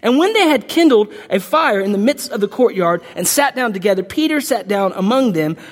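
A preacher with an expressive mid-range voice talks a little fast, delivering an emphatic, impassioned sermon to a congregation gathered in a large hall. He reads scripture aloud with occasional stumbles, and long hall reverb fills the recording.

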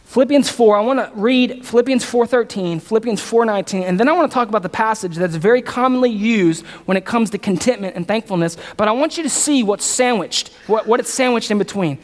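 This pastor's high voice moves fairly quickly, barely pausing, as he delivers his sermon under the long echo of a big hall. Repetition, mounting emphasis, and questions aimed at the audience drive his preaching.

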